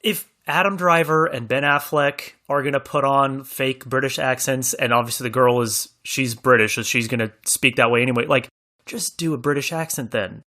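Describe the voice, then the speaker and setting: A man with a bright, tense voice talking movies as a podcast co-host. He hedges his opinions earnestly and laughs often as he goes. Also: mid-range voice, steady tone, moderate pace. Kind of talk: casual film discussion.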